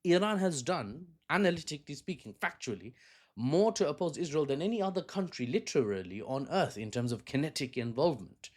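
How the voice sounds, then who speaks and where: Animated man giving casual political commentary. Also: fairly high pitch, fairly quick. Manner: conversational, self-correcting, joking asides.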